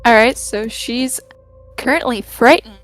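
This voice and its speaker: A woman player in a tabletop game, talking slowly and casually in a fairly high voice. She hesitates and swears now and then, over faint background music.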